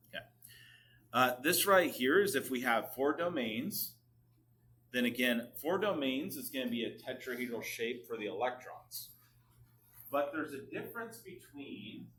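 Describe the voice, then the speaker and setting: A male chemistry teacher lecturing a classroom at a medium pitch. He coaxes students with frequent check-ins, and his voice drifts nearer and farther from the microphone as he moves. Faint background noise sits under the recording. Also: sharp tone. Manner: coaxing, asks the class to respond often.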